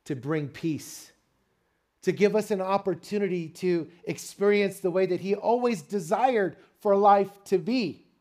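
An older man preaching a sermon, telling a family story with lively call-and-response to the congregation. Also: high-pitched, measured pace. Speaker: pastor.

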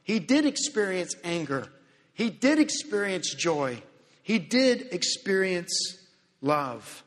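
A man preaching a sermon in earnest, swinging from loud emphasis to hushed, slow phrases. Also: sits high, very animated. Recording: long hall reverb.

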